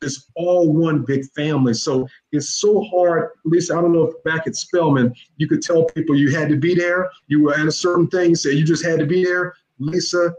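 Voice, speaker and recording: Middle-aged man, fairly high voice, emphatic and repetitive, roomy echo. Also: steady tone, moderate pace, few pauses, a little mellow. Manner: emphatic, repetitive, keeps addressing the host by name. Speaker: youth mentor guest. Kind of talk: casual interview talk. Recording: echoey room.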